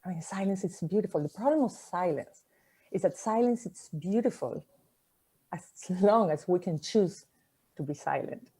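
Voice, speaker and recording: A woman whose first language is not English, giving a personal talk, reflective and conversational, with pauses and soft endings. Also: lowish voice, lively intonation, husky. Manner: conversational fillers like "like" and "you know".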